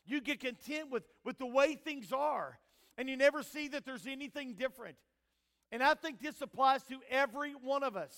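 Older man, pastor, very high voice, loud calls and quiet asides, long church reverb. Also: normal speed. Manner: preaching with swings between loud emphatic calls and quiet asides; mixes scripture reading with homespun family stories. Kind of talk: sermon. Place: church sanctuary.

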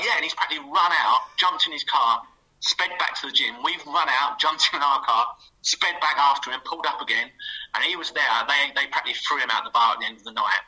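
A middle-aged man telling a lively anecdote as a guest on a radio show, putting on playful voices for the people he quotes. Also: medium pitch, husky, rough recording. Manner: fast, animated storytelling with playful quoted voices. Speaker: guest, former footballer.

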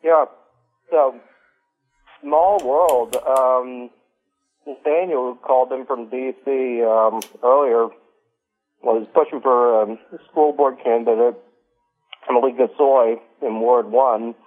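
A man's voice: mid-range voice, fairly even intonation, slow pace, long pauses. Hesitant male caller on a phone line. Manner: hesitant, many ums and uhs. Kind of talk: casual call-in chat. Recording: tinny phone line with faint music.

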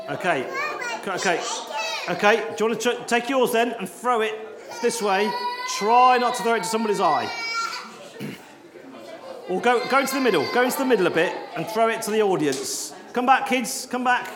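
A high-voiced man runs a playful children's slot in church, coaxing kids and laughing at his own mishaps. His voice carries through an echoey hall. A congregation murmurs around him. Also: lively intonation, normal speed, pauses often, a crowd in the background. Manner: jokey, self-deprecating, coaxing children. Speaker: church leader running a children's talk. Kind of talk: lively all-age church talk with props.

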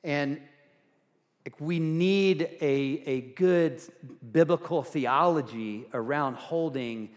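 A man preaching a sermon as pastor, earnest, going from loud emphasis to hushed softness. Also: fairly high pitch, slow, in a large hall. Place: church sanctuary.

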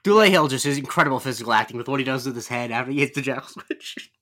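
A man co-hosting a casual podcast, talking at an ordinary middle pitch. He rambles through his points, trailing off and restarting with plenty of fillers. The delivery is relaxed and conversational. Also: rapid-fire. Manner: rambling, self-correcting, with many fillers and hedges. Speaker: podcast co-host. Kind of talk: casual episode recap chat.

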